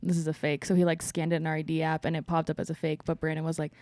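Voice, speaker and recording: A woman's voice: low-pitched, rapid-fire, dry recording. A young woman co-hosting a podcast, casually telling bar security stories and acting out the people in them. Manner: lively retelling with acted-out quotes. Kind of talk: casual chat, animated storytelling.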